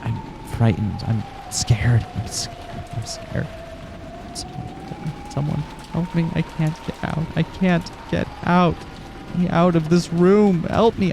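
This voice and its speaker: A man's voice: on the high side, vocal fry, voice pushed up, heavily acted. A man reading a visual novel aloud, voicing a terrified young man trapped in a room, tense and close to panic. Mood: panicked. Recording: music playing behind.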